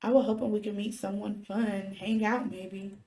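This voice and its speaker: A woman voices an eager, friendly young boy who is hopeful and chatty. The reading is plain and cheerful at a middle pitch. The room adds a clear echo. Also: level tone, moderate pace, warm tone, distant mic, close to an everyday voice. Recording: roomy echo.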